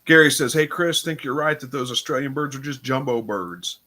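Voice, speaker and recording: Speaking fairly quickly in a sharp, mid-range voice, a tired man reads viewer comments on his casual livestream. He yawns and rambles uncertainly through his answers, filling pauses as he thinks aloud.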